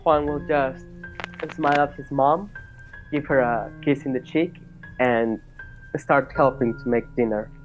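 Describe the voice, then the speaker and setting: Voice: mid-range voice, lo-fi sound, faint music behind. Player describing actions, hesitant. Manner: halting, filler-heavy description. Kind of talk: tabletop role-play.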